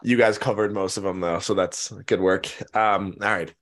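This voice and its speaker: A man's voice: low-pitched, fairly even intonation, moderate pace, fairly bright tone. A man hosting a casual podcast chat, joking and laughing often as he moves the talk along. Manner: jokey, laughs often, leads the segments. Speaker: podcast host.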